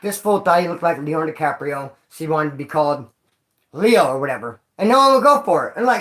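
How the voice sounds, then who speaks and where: A man's voice: on the high side, lively intonation, a little fast, fairly bright tone. A man casually telling jail stories on his vlog, rambling and joking in street slang. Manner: rambling, slangy and joking, calls viewers homeboy and dog. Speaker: vlogger telling prison stories.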